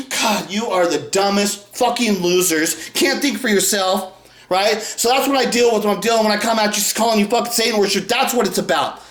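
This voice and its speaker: A man with a high voice rants furiously and swears nonstop, now and then erupting into shouts. He sounds like he is in an echoey room. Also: brisk. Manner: aggressive, profane, shouting bursts. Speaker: commentary video creator. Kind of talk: angry profane rant.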